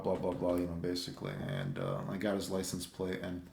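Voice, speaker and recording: A man with a lowish, mellow voice rambles through a casual travel vlog, heating up and swearing when he retells his run-ins. The sound bounces in an echoey room. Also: sing-song, a little fast, gravelly, a little hiss or hum. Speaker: vlogger.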